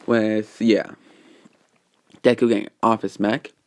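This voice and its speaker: Male fan narrator, rambling casual retelling, lowish voice. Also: flat delivery, slow, a little mellow, dry recording. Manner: rambling, filler-heavy.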